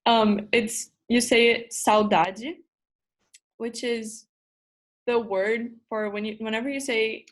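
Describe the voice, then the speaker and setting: A woman's voice: a little high, steady tone, takes it slowly. A young woman from Brazil, a student presenter, explaining words in a casual, friendly, giggly way. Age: young adult. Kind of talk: casual educational chat.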